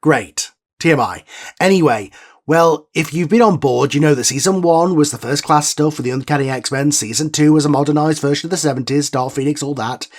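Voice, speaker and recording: A man's voice: on the high side, a little fast. A man playing himself as the show's writer in a scripted comedy sketch, weary, exasperated and matter-of-fact. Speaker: writer and creator of the show.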